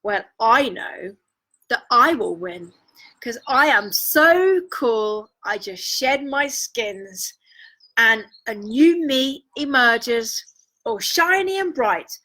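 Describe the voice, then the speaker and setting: Woman putting on a slow smug snake. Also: a little high, lively intonation, bright, forceful tone, full character voice, poor audio. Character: smug hissing snake, proud of its new skin.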